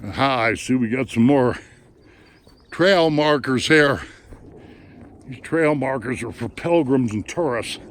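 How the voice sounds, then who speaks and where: A man's voice: medium pitch, measured pace, long pauses. A middle-aged man chatting casually as he films a mountain trail outdoors, a bit out of breath, folksy and plain-spoken, recorded on a handheld camera mic. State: somewhat out of breath. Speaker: hiking vlogger. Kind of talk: casual narration while hiking.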